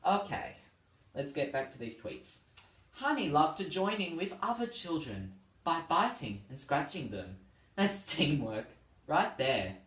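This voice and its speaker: His voice is a little high, very animated, and fairly bright, at a measured pace. He's a vlog host, tired and yawning, who reads out tweets in a casual way and laughs a lot between them; the recording sounds roomy and far from the mic.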